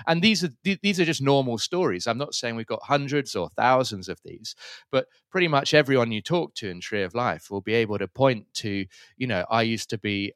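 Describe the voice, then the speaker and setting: A man's voice: mid-range voice, lively intonation, brisk, fairly bright tone, no echo, studio quality. A man talking as a podcast guest, telling stories in an earnest, reflective way and laughing easily. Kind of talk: conversational storytelling.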